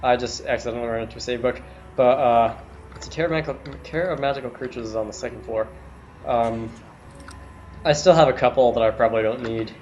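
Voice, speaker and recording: A man's voice: mid-range voice, fast talker, a little mellow, highs cut off, slight background noise. Man chatting while he plays. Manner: chatty, running commentary on his play. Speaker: streamer playing a video game. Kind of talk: casual chat while gaming.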